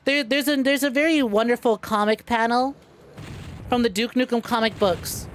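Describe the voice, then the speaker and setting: A woman's voice: fairly high pitch, fairly even intonation, normal speed, slight background noise. A woman streaming a game, greeting her chat by name, swearing freely and laughing often. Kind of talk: casual livestream chat while gaming.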